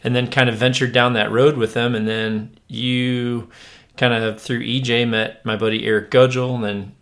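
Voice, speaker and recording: A man's voice: medium pitch, moderate pace. Rambling, laid-back male podcast host. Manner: rambling, relaxed, lots of fillers and restarts. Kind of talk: casual chat.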